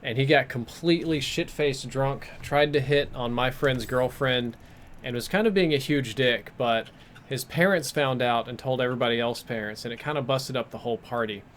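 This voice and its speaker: A man's voice: medium pitch, moderate pace, a little hiss or hum. A male game streamer casually telling a rambling, crude, self-mocking story while he plays, on a headset mic.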